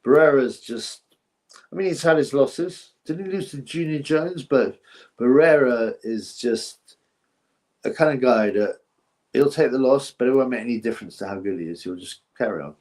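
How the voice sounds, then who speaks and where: A man's voice: mid-range voice, moderate pace, a little mellow. Rambling male boxing stream host. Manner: rambling and chatty, thinks aloud with fillers; reads out donations and thanks viewers. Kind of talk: casual livestream chat.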